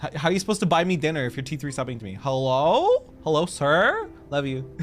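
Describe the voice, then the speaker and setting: A woman's voice: low-pitched, animated, racing. A woman streaming a game, chatting playfully and goofily with her viewers. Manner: playful, goofy, chats with viewers. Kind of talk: casual livestream chat while gaming. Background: game music.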